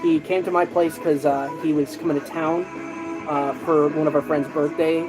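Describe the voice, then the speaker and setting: A man's voice: a little high, moderate pace, low-quality recording. Chatty man telling stories over music. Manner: animated storytelling with many fillers and restarts. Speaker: streamer. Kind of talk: casual chat.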